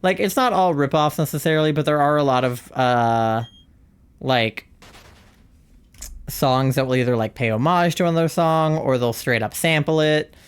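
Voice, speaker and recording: A young-adult streamer talks loosely over gameplay. The speech rambles from thought to thought in a relaxed, chatty way, with frequent laughter along the way. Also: medium pitch, moderate pace, smooth. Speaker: live streamer. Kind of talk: casual chat while streaming a game.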